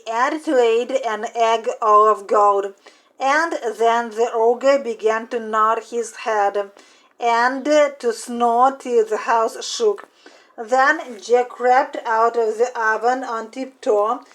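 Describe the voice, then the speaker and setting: A woman reads a fairy tale aloud at a slow, deliberate pace, leaning into its repeated phrases. Her voice sits a little high. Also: rough recording. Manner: slow, deliberate reading with repetition. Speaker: storyteller.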